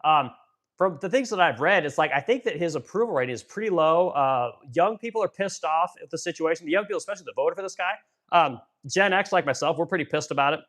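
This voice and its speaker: Livestream host, male, 40s, from Missouri; profane, heated rant, somewhat high voice. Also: animated, fast talker, a bit bright. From Missouri, USA. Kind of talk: political rant and chat reading.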